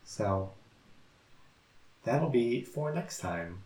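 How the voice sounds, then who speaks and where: A man's voice: mid-range voice, animated, extremely slow, darkish tone, echoey room, slight background noise. A man co-hosting a podcast in casual chat, chatty and laughing often. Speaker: podcast co-host.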